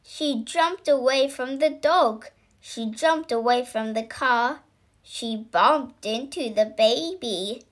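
A woman reading a children's picture book aloud, slow and expressive, lifting into little voices for the characters. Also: on the high side. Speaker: storybook reader.

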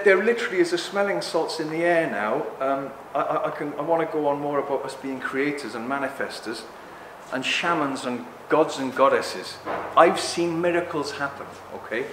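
A middle-aged man giving an impassioned talk to a live audience, excitable and ranting, acting out other people's voices as he goes. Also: on the high side, moderate pace, background noise. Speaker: speaker at a talk. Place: indoor talk venue. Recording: echoey hall with faint ambience.

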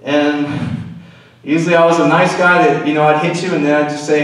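In a church sanctuary, a man with a slightly high, steady voice gives a conversational sermon testimony, candid and confessional, sprinkling in frequent "you know" asides. He speaks fairly quickly, far from the mic, and his voice echoes through the big hall.

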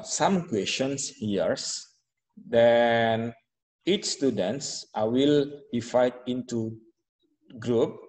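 A male teacher walks his class through grammar at an unhurried pace. His voice is mellow and relaxed, full of fillers and restarts. The room around him rings with a long echo. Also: mid-range voice. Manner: slow, explanatory, with frequent fillers and restarts. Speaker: English teacher. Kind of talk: online classroom instruction.

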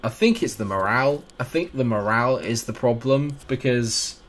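A man's voice: mid-range voice, normal speed. A man commentating over his own football video game, exasperated, sarcastic and self-mocking about how badly it goes. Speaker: gaming YouTuber. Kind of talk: live gameplay commentary. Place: at home, late at night.

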